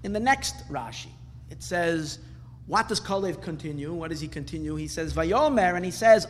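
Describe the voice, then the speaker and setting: A man's voice: high-pitched, lively intonation, brisk, fairly bright tone, husky. A man teaching a Torah class, asking questions and rising into emphatic bursts. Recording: hall reverb with faint ambience.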